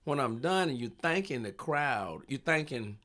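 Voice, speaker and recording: A man's voice: medium pitch, normal speed. A man who is a comedian, telling stage stories in casual chat, acting out the voices of the people in them and laughing often. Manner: animated storyteller, acts out voices, laughs often.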